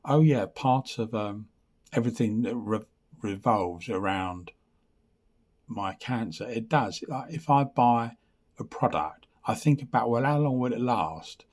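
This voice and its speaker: On his vlog, a man from England delivers a meandering health update in a medium-pitched, slightly slow, slightly mellow voice. He often loses his place in his notes, and his humour is dry and blunt.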